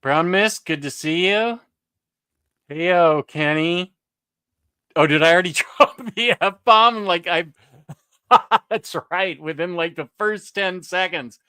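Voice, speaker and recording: A man hosting a live stream in relaxed, chatty talk, laughing easily between greetings. His voice is a touch high and bright. He takes his time, and the sound is dry and close. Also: takes it slowly, clear, resonant tone, no echo. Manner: laughs often, loose and chatty. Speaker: livestream host. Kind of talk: casual chat.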